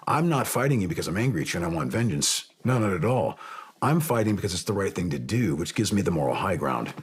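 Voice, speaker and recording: Speaking fast and with great animation, this low-pitched man in his forties is a Navy SEAL captain and naval officer guesting on a podcast interview. His very smooth, resonant voice carries earnest talk about faith and forgiveness that at times swells into passionate emphasis.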